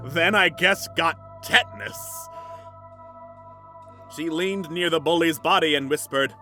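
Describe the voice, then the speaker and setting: A young man reads a story for comedy, dropping dry, mocking asides between the sentences. His voice is bright and crisp and sits slightly high for a man, with faint music playing underneath. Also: slow pace. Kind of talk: sarcastic dramatic reading with commentary.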